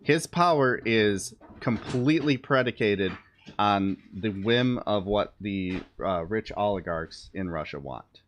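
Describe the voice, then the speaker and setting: Male streamer, slightly low voice, casual political commentary, blunt, sarcastic, swears offhandedly. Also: expressive, slow. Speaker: live streamer.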